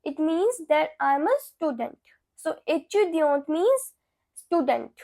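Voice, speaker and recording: A young woman teaches beginner French at a very slow, careful pace, saying every phrase twice. Her voice sits very high. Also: very animated, a little mellow. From India. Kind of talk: beginner language lesson.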